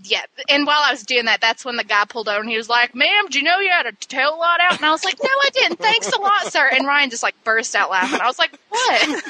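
High, very bright-voiced woman co-host. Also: lively intonation, fast talker, slight background noise, rough recording. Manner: rambling, self-mocking storyteller, laughs at her own troubles. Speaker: podcast co-host. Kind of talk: casual chat.

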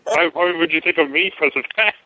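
A man's voice: fairly high pitch, fast talker, dry recording, narrow, tinny audio. A man on a podcast, joking in playful, mock-indignant banter. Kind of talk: casual banter.

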